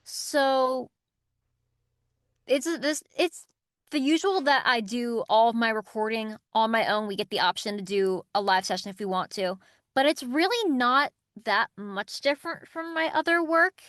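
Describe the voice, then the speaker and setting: A young woman in casual interview chat, talking with lively energy and frequent laughs. Her voice sits fairly high, and the sound is dry and close with no room around it. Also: normal speed, dry recording. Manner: lively, laughing, reads aloud from notes. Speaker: voice actress guest.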